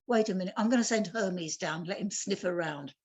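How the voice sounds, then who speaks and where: A woman in her seventies voicing a relaxed, easygoing male god in a told tale, dropping her voice lower. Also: a little fast, close to an everyday voice.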